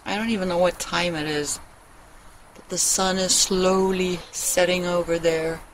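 A candid vlogger rambles through a casual personal chat, swearing freely and laughing often. The voice sits at a middling pitch. It is caught on a handheld phone outdoors in a meadow, with faint background noise. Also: fairly even intonation, measured pace, low-quality recording. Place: outdoors in a meadow, sitting on a wooden bench.

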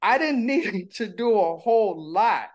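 A man's voice: high-pitched, animated, unhurried. A middle-aged man chatting casually as a co-host, candid and playful, slipping into little impressions while he tells stories. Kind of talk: casual chat.

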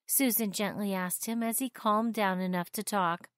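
A woman gently and expressively reading a children's story aloud. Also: medium pitch, fairly even intonation, moderate pace, no echo, studio quality.

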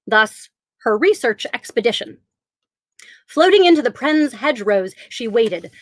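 Brief: woman author, expressive theatrical reading from her novel, a bit high, dry close sound. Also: no room sound. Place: home during lockdown, live stream.

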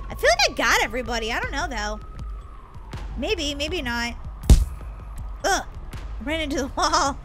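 A woman's voice: sits high, expressive, moderate pace. A woman playing a game as the villain, chatting playfully, giggling and teasing in a mock-evil way. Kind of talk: playful let's-play chatter. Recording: game music underneath.

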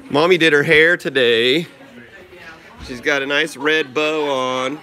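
A man in his thirties hosting a family livestream from home, talking to his young daughter and viewers in an exclamatory, sing-song way with frequent high leaps. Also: animated, slow pace, sharp tone. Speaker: vlogger dad hosting a livestream. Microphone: phone camera.

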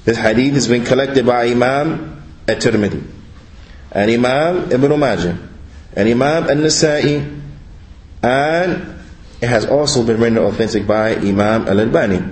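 A man interpreting a religious lecture, speaking deliberately and repeating each point. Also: mid-range voice, roomy sound, poor audio.

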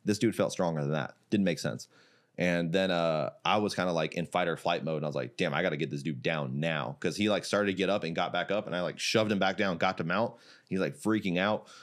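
A man from Iraq, a jiu-jitsu gym owner, telling a story as a podcast guest in casual, animated talk, laughing often and leaning on "like" and swearing. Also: sits low, fairly quick.

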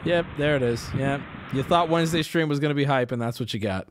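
A man hosting a stream, casually riffing and joking about clips with sudden loud outbursts. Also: medium pitch, fast, background noise. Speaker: streamer host.

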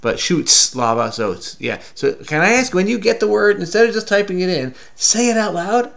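A man hosts a casual crossword solve with a child, teasing playfully and patiently explaining the clues. His high-pitched, gravelly voice has a fairly bright tone and lively intonation at a moderate pace.

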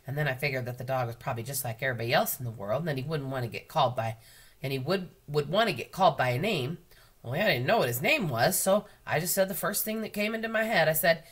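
An American school librarian reads a children's novel aloud to her students. Her voice sits low and a little breathy. She tells the story with expressive emphasis. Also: fast talker. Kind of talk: children's book read-aloud.

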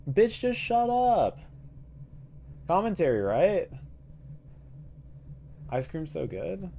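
A man's voice: lowish voice, a little mellow, slight background noise. A man hosting a let's-play, giving casual, profane, joking commentary and talking to his viewers as he plays. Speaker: gaming channel host.

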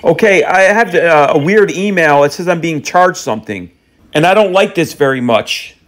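A man making a prank phone call, rambling on with absurd lists in a deadpan, playful way. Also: on the high side, normal speed. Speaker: prank caller.

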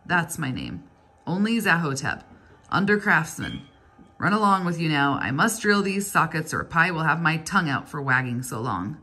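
A woman reading aloud, voicing a kindly, wry old male stonecutter in a storybook, with a low, slightly husky voice. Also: big pitch swings, normal speed, bright, forceful tone, heavily acted.

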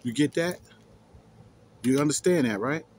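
A man's voice: mid-range voice, expressive, a little slow, a little mellow, a little hiss or hum. A man reading scripture aloud and explaining it emphatically, repeating key words and challenging his listeners. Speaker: scripture teacher.

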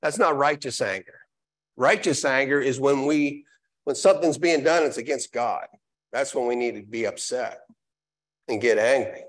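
A man's mid-range voice carries through a church sanctuary at a moderate pace as he preaches live, reading from scripture and restating it with emphatic repetition.

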